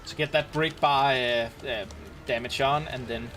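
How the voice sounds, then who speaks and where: A man's voice: mid-range voice, unhurried, over music. Danish man leading a game raid. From Denmark. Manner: relaxed, chatty, thinking aloud. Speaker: raid commander. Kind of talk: casual gameplay commentary.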